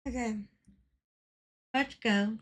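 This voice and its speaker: A woman's voice: on the high side, fairly even intonation, extremely slow. A woman streaming a game, chatting casually with viewers, giggling often and swearing freely when she gets worked up. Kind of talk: casual livestream chat.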